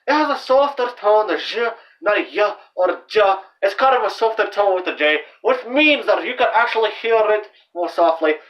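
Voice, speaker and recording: A man's voice: sits high, expressive, moderate pace, few pauses. A young man hosting his own channel, explaining language in a loose, rambling way full of fillers and restarts. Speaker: channel host. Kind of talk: casual amateur language explainer. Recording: dull, distant lo-fi home recording.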